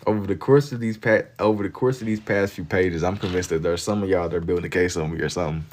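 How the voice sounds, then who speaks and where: Young guy streaming, real low voice, chill slangy banter w chat. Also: fast talker, a little mellow. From Kentucky. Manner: laid-back slang-heavy banter, reading and answering chat. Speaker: livestreamer. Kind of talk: casual chat with live viewers while drawing.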